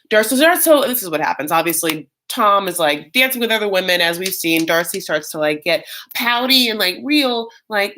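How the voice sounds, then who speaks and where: Chatty, bright-voiced male reaction host. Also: high voice. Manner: chatty and animated, many fillers, bursts of mock voices. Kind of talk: casual live reaction commentary.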